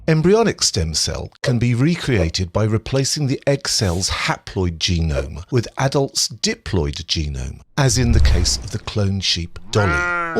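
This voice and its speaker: Man, low voice, animated pitch, calm explanatory narration, slight background hiss. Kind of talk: scripted educational narration.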